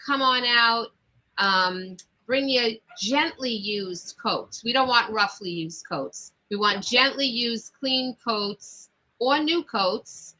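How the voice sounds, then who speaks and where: A woman's voice: on the high side, slow, bright, forceful tone, poor audio. A woman with a Long Island accent, announcing a coat drive and teasing the host in a brash way.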